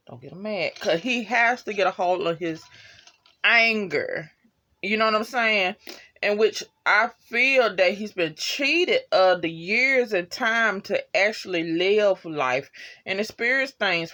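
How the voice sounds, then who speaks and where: A woman giving a casual, slangy spoken review of a TV episode, full of asides and acted-out lines. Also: medium pitch. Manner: animated, slangy, acts out characters' lines.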